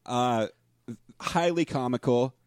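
A man's voice: medium pitch, takes it slowly, smooth, no echo, studio quality. A man co-hosting a casual podcast, laid-back, laughing often and teasing his co-host.

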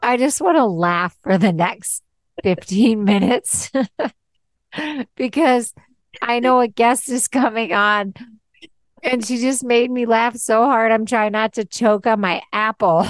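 A woman's voice: fairly high pitch, takes it slowly, no room sound. A woman hosting a casual podcast, chatty and upbeat, laughing easily as she talks. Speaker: podcast host.

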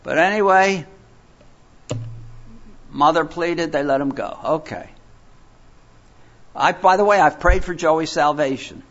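A man's voice: fairly high pitch, slow, pauses often, a bit bright. An older man from Philadelphia preaching a sermon, telling stories in a rambling, digressive way with many fillers and restarts. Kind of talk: sermon with storytelling. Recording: dull lo-fi recording.

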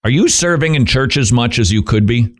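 Animated, wry Christian radio host. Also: male voice, mid-range voice, brisk. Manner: animated, joking asides to himself. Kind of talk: devotional radio commentary.

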